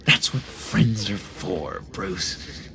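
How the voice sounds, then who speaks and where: Game role: low, gravelly, unhinged ex-inmate, whispers and lurches, faint music behind. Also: male voice, lively intonation, very slow, bright, forceful tone, full character voice. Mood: evasive. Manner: erratic, whispery, swings from pleading to threatening. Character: unstable, clingy man, ex-asylum inmate with sudden menace. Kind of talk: video game voice acting.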